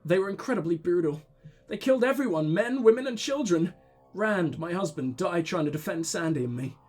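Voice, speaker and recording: A man's voice: high-pitched, lively intonation, fairly quick, a little mellow, faint music behind. A man reading as a grieving young widow. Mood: sorrowful. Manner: plain dialogue-reading.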